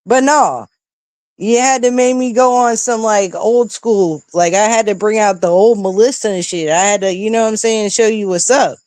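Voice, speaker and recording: A middle-aged woman casually telling a story to her stream viewers in a profane, animated way, often checking in with "right?". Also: medium pitch, normal speed, no room sound. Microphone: close streaming mic.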